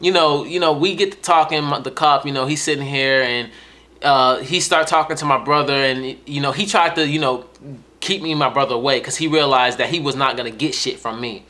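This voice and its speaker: A young man casually telling a story to his viewers, profane and animated, often repeating and restarting words. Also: mid-range voice, a little fast. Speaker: vlogger.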